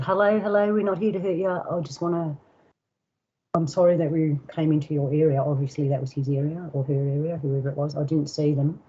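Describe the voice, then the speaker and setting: Older Australian woman telling a story, low dark voice. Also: breathy edge, highs cut off. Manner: unhurried, acts out dialogue and sounds. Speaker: guest elder storyteller. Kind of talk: casual spoken storytelling.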